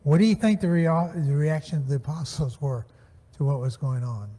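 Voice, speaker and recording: A man teaching a Sunday Bible class, measured and slowing down to stress the scripture phrases he reads. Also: fairly high pitch, dark tone, slightly rough. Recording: church hall with long reverb.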